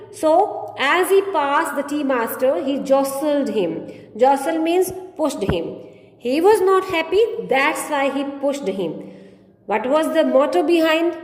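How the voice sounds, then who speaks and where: A woman with an Indian English accent, teaching an English class. She reads a story aloud and restates each line in simple words. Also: high voice. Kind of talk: reading and explaining a story to a class. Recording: echoey room with long reverb.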